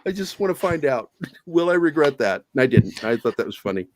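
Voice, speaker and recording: A man's voice: a little high, sing-song, brisk, dry recording. A man guesting on a podcast, telling stories in a casual, profane, self-mocking way. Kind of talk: casual storytelling chat.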